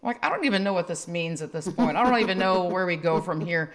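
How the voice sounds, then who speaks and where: A woman co-hosting a podcast, telling a dating story in casual chat, animated and laughing as she goes. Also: fairly low pitch, quick pace. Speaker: podcast co-host.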